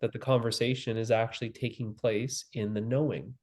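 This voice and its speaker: A man giving a spiritual teaching, speaking calmly and slowly with long pauses and repeated phrases. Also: mid-range voice. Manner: calm, slow and repetitive, with long pauses. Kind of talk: slow guided spiritual teaching.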